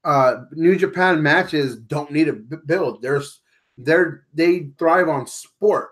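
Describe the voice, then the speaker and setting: Guy rambling on a wrestling podcast, swears a lot, kinda high voice. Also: takes it slowly, a bit bright. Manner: rambling, swears freely, many fillers like "you know what I mean". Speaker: podcast co-host. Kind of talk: casual chat.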